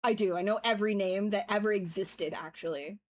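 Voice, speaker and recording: A woman's voice: medium pitch, a little fast. A woman livestreaming as she sculpts, giving tips and chatting casually with viewers, jokey and swearing freely. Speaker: livestreamer sculpting digital art. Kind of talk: casual chat while demonstrating software.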